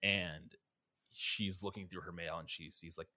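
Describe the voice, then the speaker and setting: A man with a very low voice recaps a game's story for his friends. His tone is bright and forward, and he explains each scene step by step in a casual way. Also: a little slow. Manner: plot-recap narration, steady and explanatory. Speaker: podcast co-host discussing a game. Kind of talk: casual chat.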